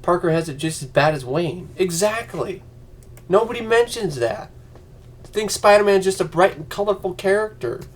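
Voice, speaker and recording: A man's voice: high voice, animated, moderate pace. A man ranting on a vlog, profane and heated, slipping into mocking voices. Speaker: vlogger.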